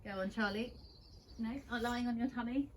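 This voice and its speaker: A young woman, gently guiding children through a yoga class with steady encouragement. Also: on the high side, moderate pace, slight background noise. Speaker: kids yoga teacher.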